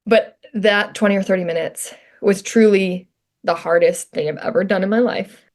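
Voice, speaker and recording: A woman guest on a podcast telling her own story casually, chatty and quick to laugh, with lots of filler words. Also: mid-range voice, fairly even intonation, darkish tone.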